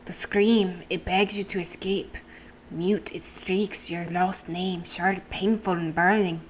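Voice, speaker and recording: A woman's voice: fairly low pitch, fairly even intonation, slow pace, slight background noise. Woman doing a solemn Irish-accented seer. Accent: put-on Irish. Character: cryptic female fortune teller, solemn, riddling. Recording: game music playing behind.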